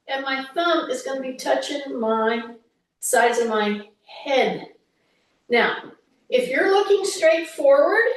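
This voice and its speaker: A woman with a high voice leads a workout, coaching in an unhurried, chatty way with the odd teasing aside. She sounds some way off from the mic in a very echoey room. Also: far from the mic. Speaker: fitness instructor. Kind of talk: workout instruction.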